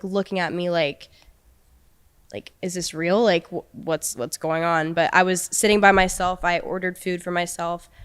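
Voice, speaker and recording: A smooth, low-pitched voice belongs to a young podcast guest who casually shares a personal story, quoting the words that were said.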